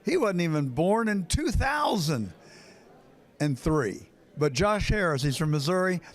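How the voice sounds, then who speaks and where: Man hosting an on-location interview, slightly high voice. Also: sing-song, measured pace. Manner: leading questions, presenter delivery. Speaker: host and interviewer. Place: hotel conference in a city.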